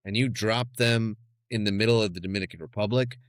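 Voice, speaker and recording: A man co-hosting a book club podcast, retelling scenes of a novel in a lively, conversational way. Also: lowish voice, a little fast, no echo, studio quality. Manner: animated retelling, acting out scenes. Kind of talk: casual book discussion.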